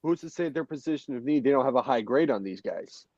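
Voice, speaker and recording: A man's voice: medium pitch, expressive, quick pace, a little mellow, no echo. A man co-hosting a casual sports talk show, pushing back on the others with questions. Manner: questioning, contrarian. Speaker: sports podcast co-host. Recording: dull lo-fi sound.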